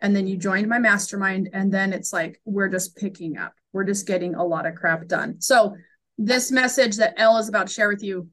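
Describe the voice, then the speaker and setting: A woman hosting a podcast, introducing her guest in a friendly, rambling chat with quick restarts. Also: mid-range voice. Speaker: podcast host. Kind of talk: casual interview chat.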